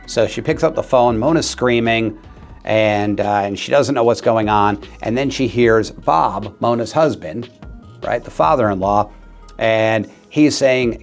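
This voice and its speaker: A man's voice: lowish voice, measured pace, vocal fry, soft background music. Earnest man telling a story. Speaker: real estate agent. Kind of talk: talking-head video.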